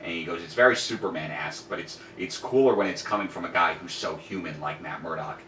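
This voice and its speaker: A man's voice: low-pitched, fast talker. A young man co-hosting a casual comic book podcast, retelling scenes and acting out the quotes with energy. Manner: animated storyteller, acts out quotes. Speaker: podcast co-host. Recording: roomy, distant mic, faint hiss.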